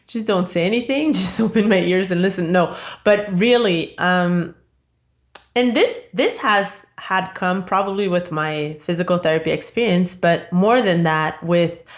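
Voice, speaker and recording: A woman's voice: lowish voice, unhurried. Woman guest, talkative and easy, laughs a lot, loose casual interview. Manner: chatty, laughs often, many fillers. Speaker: podcast guest, online business strategist.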